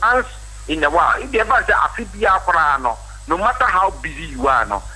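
A Ghanaian doctor speaks as a guest on a radio show, explaining his advice in a measured way. His voice is very bright and fairly high, with a lively, wide-ranging melody. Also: husky, faint music behind, rough recording.

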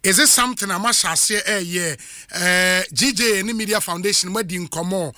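High-voiced Ghanaian radio host. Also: male voice, moderate pace, bright, forceful tone, no echo. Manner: probing questions, mixes languages. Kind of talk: radio interview.

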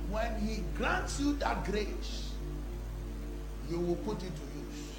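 Male pastor, high gravelly voice, fervent call-and-response preaching, roomy church sound over loud music. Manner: preaching that builds to shouted prayer. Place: church service.

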